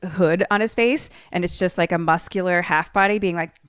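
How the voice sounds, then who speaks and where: A woman with a fairly low voice rambles through a film recap in casual podcast chat. She jumps into raised, animated voices to quote characters and laughs often. The sound is dry and close. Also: normal speed, clear, resonant tone, no echo. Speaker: podcast co-host.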